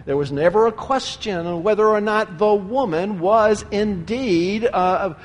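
Male pastor preaching an earnest sermon with deliberate pauses, bright high voice, recorded in a church with lingering reverb. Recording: long hall reverb.

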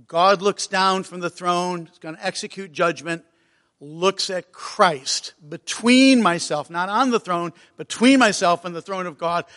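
Earnest high-voiced man preaching. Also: sharp tone. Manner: earnest, emotional, reads hymn lines slowly. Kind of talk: sermon. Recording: long hall reverb.

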